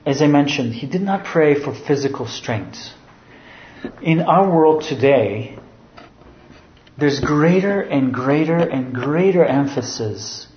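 A man's voice: mid-range voice, a little hiss or hum. A man preaching a sermon who explains scripture and keeps restating his phrases. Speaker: pastor. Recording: roomy, dull sound.

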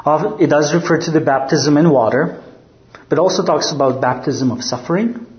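A man's voice: on the high side, muffled recording. Man teaching a sermon in an echoey room. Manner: measured, explanatory, with rhetorical questions. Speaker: preacher.

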